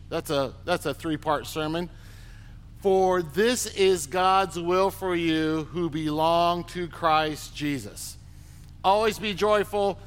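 Male pastor, slightly higher voice, casual preaching style with call-and-response, long hall reverb. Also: fairly bright tone. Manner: conversational, repeats words, asks the crowd to respond. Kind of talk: sermon.

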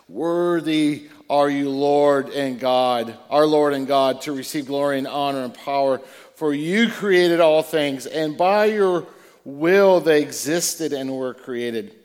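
A male preacher reading scripture aloud in church, slow and deliberate, with excited asides to the congregation. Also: on the high side. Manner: reads slowly and deliberately, breaking in with excited asides. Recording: long reverb of a large hall.

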